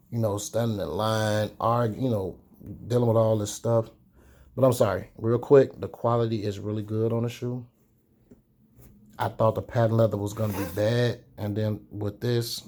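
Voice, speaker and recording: Young man, candid chatty storyteller, mellow warm tone, casual vlog. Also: on the low side. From Chicago. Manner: candid, chatty, drawn-out pauses. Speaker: sneaker vlogger.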